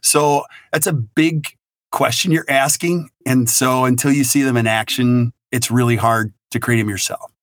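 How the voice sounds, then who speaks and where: A middle-aged man, a business consultant guest on a podcast interview, talking in an energetic, emphatic and blunt way. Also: medium pitch, moderate pace, no echo.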